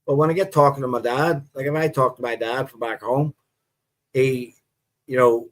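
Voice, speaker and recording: A man's voice: medium pitch, normal speed. Chatty Northern Irish man, middle-aged. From Northern Ireland. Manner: relaxed, rambling, chatty with viewers. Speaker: livestream host. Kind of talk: casual live-stream chat.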